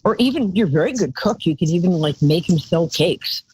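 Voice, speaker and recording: A woman's voice: lowish voice, animated, brisk, a little mellow, slight background noise, rough recording. A woman hosting a live call-in psychic show, chatty and rambling, calling her callers darling.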